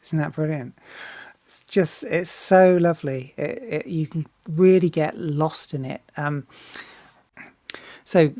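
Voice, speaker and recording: A singer talks casually while reacting to a music video, often restarting and repeating words, swearing freely and growing enthusiastic. She has a low, dark-toned voice and speaks slowly.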